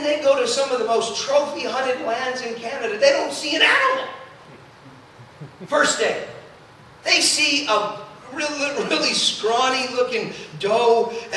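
High, bright preacher in echoing hall. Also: male voice, slight background noise. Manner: animated, acts out quoted voices, quick asides. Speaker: traveling youth preacher. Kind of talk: storytelling sermon. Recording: echoey hall, mic at a distance.

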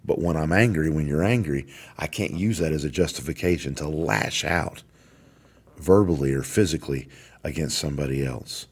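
Speaking at a normal speed in a slightly rough bass, this middle-aged man gives a forceful motivational talk on his podcast and keeps returning to the same key phrases. He works as a corrections warden as well as a podcast host.

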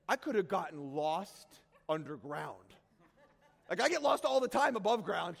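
A man preaching by telling a self-deprecating personal story, animated and prone to sudden shouts. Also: high voice, vocal fry, long reverb tail. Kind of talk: sermon storytelling.

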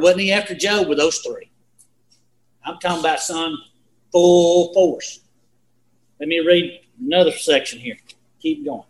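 A man in his sixties leading a casual Bible study, talking in a folksy, rambling, storytelling way. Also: sits high. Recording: echoey room.

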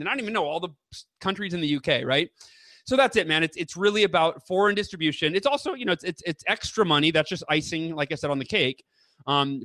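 Author guest, male, upbeat rambling storyteller, high-pitched and bright. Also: no echo. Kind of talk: casual interview chat.

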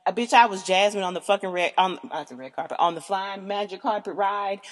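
A woman hosting a podcast, telling a candid story in an animated, emphatic way, swearing freely and calling out to her listeners. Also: medium pitch, brisk, big-room sound. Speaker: podcast host.

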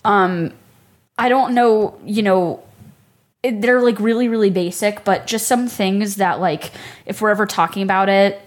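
Young woman co-host, eager and a bit halting, mid-pitched everyday voice. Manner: enthusiastic, hesitant with fillers. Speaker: podcast co-host. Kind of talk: casual chat.

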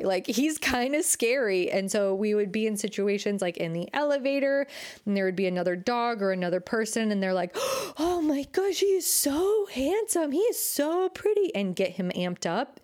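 A young woman talks through her dog-walking mishaps in a loose, chatty way, dropping "like" constantly. Her pitch sits in a middle range for a woman. She slips into quick impressions of other people as she tells it. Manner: chatty, frequent "like" fillers, animated quoted voices. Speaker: dog trainer podcast host. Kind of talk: casual storytelling monologue.

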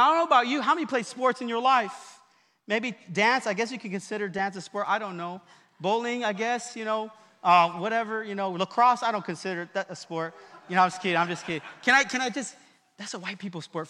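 A man's voice: extremely high pitch, bright, forceful tone. A man preaching a sermon in a church, calling on the congregation to repeat lines and joking along the way. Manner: preaching with call-and-response and jokes. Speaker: pastor.

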